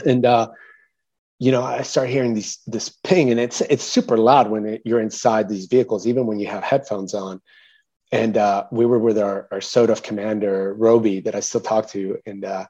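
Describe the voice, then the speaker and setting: A man recounts a story as a guest, in a relaxed, mellow voice full of fillers and restarts. He gets animated and louder whenever he quotes someone. The recording sounds somewhat dull and lo-fi. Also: on the low side, moderate pace, breathy edge. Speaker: interview guest, military veteran. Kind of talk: casual storytelling.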